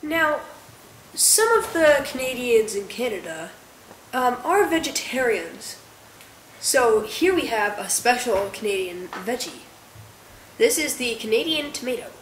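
A woman playing a bubbly co-host of a spoof cooking show, presenting dishes in a lively way. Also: fairly high pitch, measured pace. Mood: upbeat. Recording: echoey room, faint noise.

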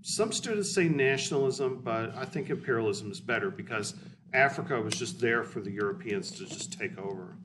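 A man teaching history in a loose, blunt way, as if chatting with students. His voice sits at a middle pitch and is picked up from a distance, with a faint hiss underneath. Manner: blunt, conversational, explanatory. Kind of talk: casual classroom lecture.

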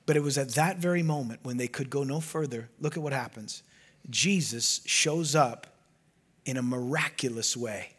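A man preaching a sermon as pastor, animated and often dropping to a hushed low voice for emphasis. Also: fairly quick, hardly any pauses, slightly rough.

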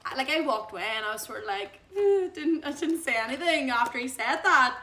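Young Irish woman, gossipy get-ready-with-me vlogger, slightly high voice, bright tone. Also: fast talker, a little hiss or hum. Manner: chatty, animated gossip with big pitch swings. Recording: echoey room.

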